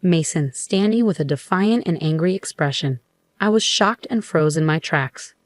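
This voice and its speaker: A woman's voice: deep voice, expressive, normal speed, no room sound, clean studio sound. Woman narrating a first-person story.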